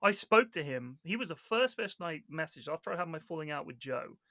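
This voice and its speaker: A man chatting casually on a podcast, telling stories with lively acted-out quotes and plenty of swearing. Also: on the high side, a little fast, dry recording, clean studio sound. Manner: animated storyteller, acts out quoted people, swears freely. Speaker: Dota 2 caster, podcast guest.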